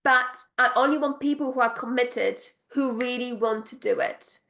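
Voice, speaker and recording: Slightly high-pitched with vocal fry, this business coach for spiritual entrepreneurs talks at an ordinary pace straight to camera. She gushes, drives phrases home by repeating them, and lets out bursts of excited laughter.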